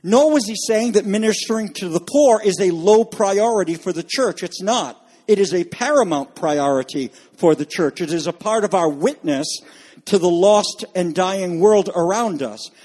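A pastor preaching in a somewhat high-pitched male voice. He is emphatic yet conversational, leaning on key words and turning to the congregation with asides. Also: darkish tone. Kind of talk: sermon.

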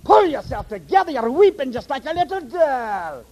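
Guy doing a gruff old scottish elder, high and barky, telling someone off. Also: sing-song, normal speed, darkish tone, muffled recording. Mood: scolding. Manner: barking, scolding. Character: stern old male heavenly elder, gruff and scolding.

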